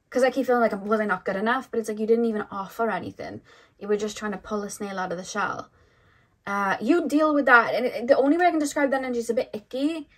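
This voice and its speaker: A woman giving a pick-a-card tarot reading to camera. She muses sympathetically and rambles, with lots of "like" and "um". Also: medium pitch. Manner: rambling, full of "like" and "um" and restarts; intuitive, sympathetic musing. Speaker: tarot reader.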